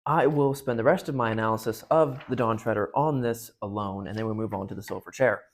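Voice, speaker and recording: A man's voice: on the low side, brisk. A man giving a casual talk that retells and analyzes a book, speaking conversationally with frequent restarts. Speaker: parish speaker on literature.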